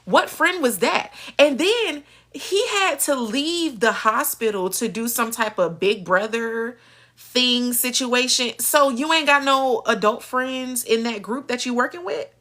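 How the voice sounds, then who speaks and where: A woman's voice: on the high side, expressive, unhurried, pushed and bright. A woman hosting a live recap stream in a casual, sassy style. She laughs often and mimics the characters as she talks. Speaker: host of a live soap-opera recap stream.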